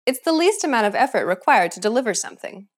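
Woman teacher, higher voice, lively pitch, clear measured scripted delivery. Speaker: language teacher. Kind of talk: scripted lesson narration.

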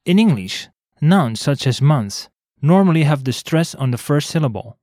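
A man co-hosting a scripted language lesson, explaining clearly and spelling words out letter by letter. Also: fairly high pitch, sing-song, normal speed, darkish tone, no echo, clean studio sound.

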